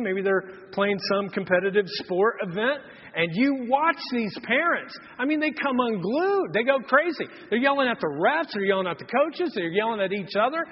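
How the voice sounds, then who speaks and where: Male pastor, 30s, high and breathy, folksy sermon storyteller, muffled long-reverb hall. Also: slight background noise. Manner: folksy storytelling with quoted voices. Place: church hall. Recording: dull, reverberant church hall.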